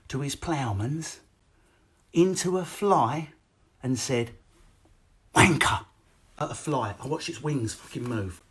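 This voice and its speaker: Man, stand-up comic, brash, sweary, animated, fast delivery, home webcam stream. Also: medium pitch. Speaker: stand-up comedian. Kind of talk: live-streamed stand-up set. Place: home, indoors. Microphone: phone or webcam.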